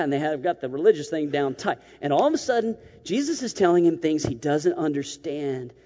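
A man preaches a sermon in a relaxed, joking way, slipping into quick acted-out asides. His voice sits a little high yet sounds mellow. The sound is slightly dull and rings with the long reverb of a big hall. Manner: conversational and humorous, acting out quick asides. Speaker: pastor.

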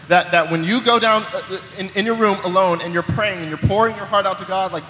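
A man's voice: high voice, a little fast, few pauses, pushed and bright, a little hiss or hum. A young man preaching a sermon in a conversational way, often repeating words as he starts a sentence, recorded in a church hall. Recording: echoey hall with long reverb.

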